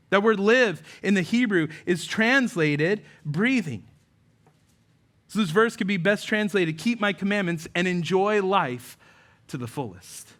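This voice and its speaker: A man preaching a sermon as pastor, telling stories and acting out quoted lines, often letting phrase ends drop to a near-hush. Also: high voice. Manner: preaching with story-telling, voicing quoted people.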